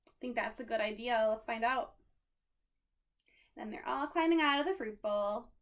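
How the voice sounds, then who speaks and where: A woman's voice: fairly high pitch, moderate pace, long pauses. A woman librarian reading a picture book aloud at a children's storytime, pointing things out along the way.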